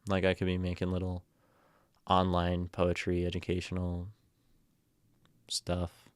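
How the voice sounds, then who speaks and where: A man's voice: low voice, completely flat delivery, measured pace, clear, resonant tone, no echo, clean studio sound. A man streaming casual talk about poetry, rambling and thinking aloud, with a self-amused edge.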